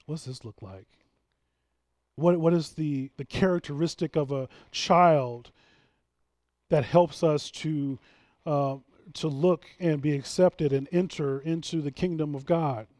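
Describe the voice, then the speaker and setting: Pastor, male, mid-high voice, dry close sound, emphatic sermon delivery with restarts. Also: unhurried, a little mellow, dry recording. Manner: earnest, emphatic preaching with frequent restarts.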